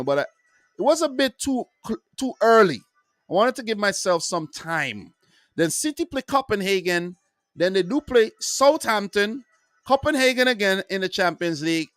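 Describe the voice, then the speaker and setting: A man hosting his own football review channel, talking casually and loosely, full of asides and shout-outs to viewers. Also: high voice, no room sound, clean studio sound. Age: adult with wife and three kids.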